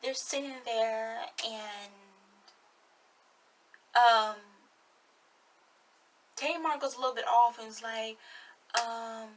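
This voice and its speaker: A woman's voice: fairly high pitch, fairly even intonation, slow, long pauses, recorded from a distance, background noise. An eighteen-year-old woman giving sassy, blunt, chatty commentary on a reality show in her vlog. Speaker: vlogger.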